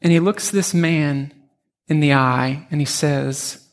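A pastor preaching a narrative sermon, telling a vivid second-person story with frequent restarts. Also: male voice, on the high side, steady tone, slow.

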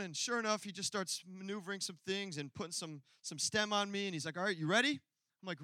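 A man's voice: sits high, fast, sharp tone, dry recording. A man preaching a sermon to a congregation, telling a story with laughter and asides to the crowd. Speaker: pastor. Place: church hall before a congregation.

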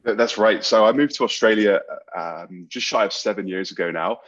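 A man's voice: lowish voice, moderate pace, a bit bright, dull audio. A man from Bermuda with a British accent and an American twang, an earnest podcast guest on a call. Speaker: guest, sales executive. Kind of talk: casual interview chat. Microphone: remote call.

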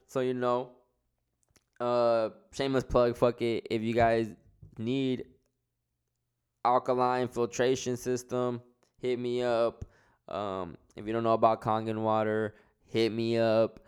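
A man's voice: medium pitch, flat delivery, slow pace, clean tone. A man hosting a solo podcast, talking in a rambling, profane, slang-heavy way while stoned. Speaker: podcast host. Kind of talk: casual solo podcast monologue.

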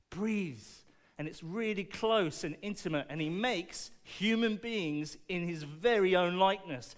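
Speaking in a high voice, a man gives children a playful, animated talk. He asks the audience questions and uses object lessons to make his points.

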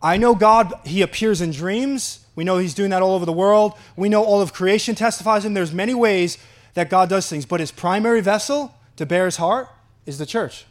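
Pastor, male, high-pitched, earnest sermon delivery, lingers on key phrases. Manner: earnest preaching, slows for emphasis, laughs in delight.

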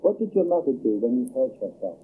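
A man voicing a calm, firm little girl who coaxes a frightened man, speaking in an insistent, questioning way over a tinny phone-like line. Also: mid-range voice, a little fast, slight background noise, lightly acted. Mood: coaxing.

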